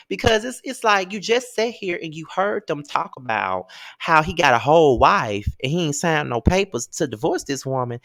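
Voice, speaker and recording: Sassy, animated man recapping reality TV. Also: fairly high pitch, dry recording, studio quality. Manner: sassy, blunt and profane, with exasperated outbursts. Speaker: TV recap host.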